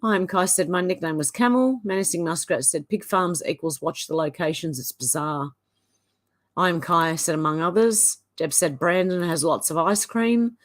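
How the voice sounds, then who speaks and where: An Australian woman hosting a livestream, reading viewers' chat comments aloud with chatty asides and quick laughs. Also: fairly low pitch. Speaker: livestream host.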